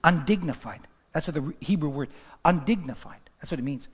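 Impassioned husky preacher in echoing hall. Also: male voice, a little high, animated, brisk. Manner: impassioned, swinging from hushed whispers to loud outbursts. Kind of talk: sermon.

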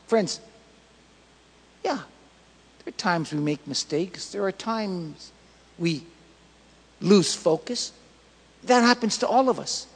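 Male pastor preaching with emphatic repetition, husky tone, in a reverberant church hall. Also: high-pitched, animated, slow pace, long pauses. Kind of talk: sermon.

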